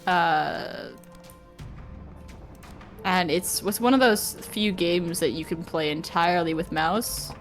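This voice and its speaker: A woman's voice: fairly low pitch, slow, pauses often, soft background music. A woman co-hosting a live stream in casual chat, rambling with restarts and the odd swear.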